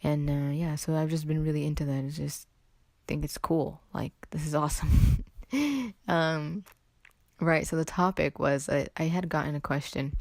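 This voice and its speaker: A young woman from California, a bit under the weather, chats and rambles on her casual solo podcast, interrupting herself with "like" and "anyway." She speaks at normal speed in a deep, slightly mellow voice with a flat delivery. It's studio quality, with no room sound.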